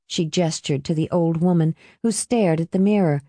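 A woman narrating a dramatic novel in a measured, expressive storytelling manner. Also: on the low side, dry recording. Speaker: audiobook narrator.

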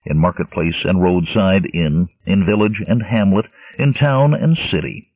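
A man narrating an adventure novel in a dramatic, expressive storytelling manner. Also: deep voice, a little slow, no echo. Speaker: audiobook narrator. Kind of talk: scripted narration. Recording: tinny lo-fi narrowband audio, dry.

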